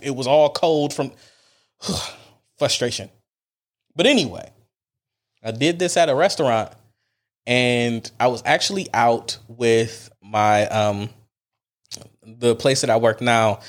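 A male podcast host talking straight to his listeners in a loose, casual monologue. He is animated and emphatic, full of slang and asides. His voice sits at an ordinary pitch for a man.

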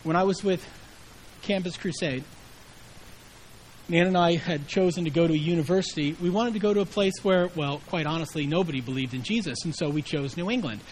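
A man's voice: fairly high pitch, brisk, slight background noise, low-quality recording. A middle-aged man preaching a sermon in a conversational way, acting out the quoted voices with inflection. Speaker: pastor.

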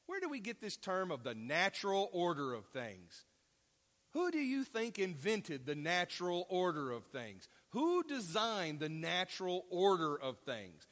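This man's voice is high-pitched, sharp and sing-song, moving at a measured pace as he preaches conversationally, asking the congregation questions and dropping casual asides. The long reverb of a large hall surrounds him.

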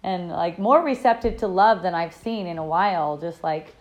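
Speaking at a moderate pace in a fairly low pitch, this woman hosts an online dialogue group. Her personal story comes out loose and meandering, full of cheerful enthusiasm, frequent laughter and many restarts.

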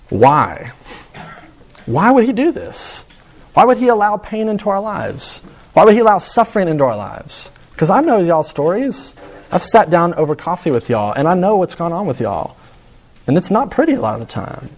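A man's voice: high voice, big pitch swings, a little fast. A young man preaching a sermon in an earnest way, asking rhetorical questions and often restarting his sentences. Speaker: pastor.

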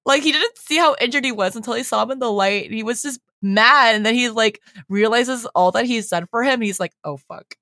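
Excitable young woman, dry close mic. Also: on the high side, fairly quick, hardly any pauses, no room sound. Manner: excitable, gushing, swears, heavy use of "like". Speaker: podcast co-host. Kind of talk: casual book discussion and read summary.

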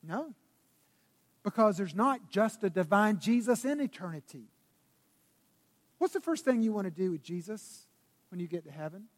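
A male pastor preaches with a high, bright-edged voice that rises into loud bursts and drops to near whispers. His words ring out with a long reverb through a church sanctuary. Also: animated, moderate pace, long pauses. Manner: dynamic preaching, swinging between loud bursts and hushed tones. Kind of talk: sermon.

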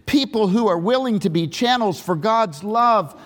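A man's voice: high voice, animated, normal speed. A male pastor, preaching a sermon and telling a story, with emphatic questions to the congregation. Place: large church sanctuary. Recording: reverberant church hall.

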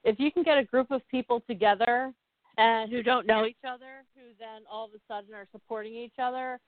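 A woman hosting a casual conversation, relaxed and encouraging, with lots of "like" and "I mean". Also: on the high side, fairly quick, no echo. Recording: tinny phone-like line.

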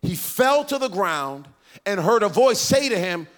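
A man preaching a sermon, animated and playful, acting out voices of Bible figures and teasing the congregation. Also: high-pitched, measured pace. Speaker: pastor. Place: church.

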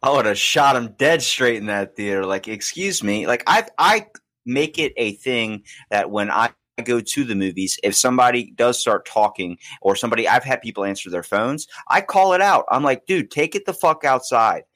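A man's voice: mid-range voice, expressive, normal speed, sharp tone, dry recording. A man co-hosting a podcast, ranting crudely and swearing in casual chat. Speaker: podcast co-host.

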